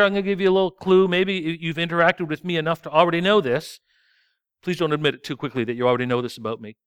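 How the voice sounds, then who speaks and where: A man's voice: high voice, fairly bright tone, no room sound, clean studio sound. A man preaching a sermon in a conversational, self-deprecating way. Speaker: pastor.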